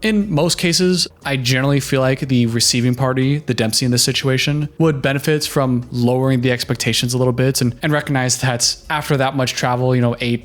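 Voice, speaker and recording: A man doing casual reaction commentary, chatty and opinionated, giving relationship advice. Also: mid-range voice.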